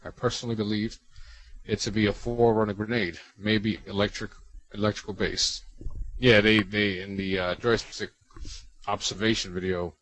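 A man's voice: lowish voice, flat delivery, moderate pace, a bit bright. A man co-hosting a casual gaming podcast, reading listener submissions in a loose, chatty way. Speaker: podcast co-host. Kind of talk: casual chat.

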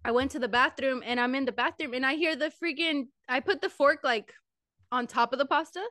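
A woman's voice: high voice, a little fast, no room sound, studio quality. A woman co-hosting a podcast, chatting casually and giggling as she tells stories. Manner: giggly, animated storytelling. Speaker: podcast co-host. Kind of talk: casual chat.

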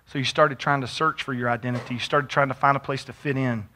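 A man preaching a sermon as pastor, moving from quiet storytelling to shouted exhortation. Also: mid-range voice, fairly even intonation, fast, slight background noise.

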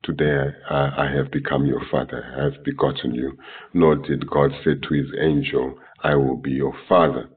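A man with a very deep, husky voice teaches scripture, reading verse after verse in different translations. He talks in a flat, halting way, with plenty of fillers and throat-clearing. The sound is thin and tinny, as if recorded from a distance over a phone line. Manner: hesitant, many fillers and self-corrections. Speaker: Bible teacher.

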